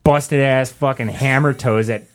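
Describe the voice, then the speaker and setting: A young man telling a story in casual chat, swearing constantly and ranting in an animated way. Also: mid-range voice, a little slow.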